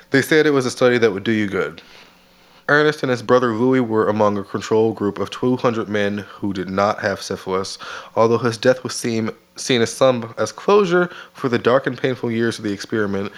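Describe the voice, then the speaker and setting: A man co-hosting a casual podcast, reading researched notes and long quotes at a steady pace. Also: fairly low pitch. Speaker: podcast co-host.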